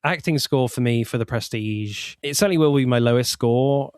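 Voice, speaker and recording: A man's voice: mid-range voice, moderate pace, darkish tone, dry recording, clean studio sound. A man hosting a casual film podcast, laughing often and restarting his sentences as he talks. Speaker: podcast host. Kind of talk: casual film review chat.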